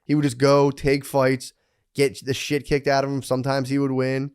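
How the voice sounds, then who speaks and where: A man's voice: mid-range voice, normal speed, smooth. A young man on a casual podcast, telling rambling stories full of swearing, acted-out quotes and laughter. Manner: animated storyteller, swears a lot, acts out quotes, laughs often. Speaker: podcast co-host. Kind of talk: casual chat.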